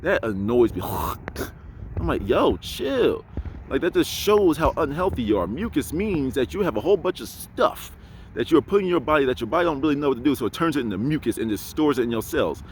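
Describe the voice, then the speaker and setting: A man's voice: mid-range voice, lively intonation, quick pace, slight background noise. A man vlogging outdoors in a casual monologue, blunt, preachy and self-assured as he talks about spirituality. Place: outdoors in an urban area.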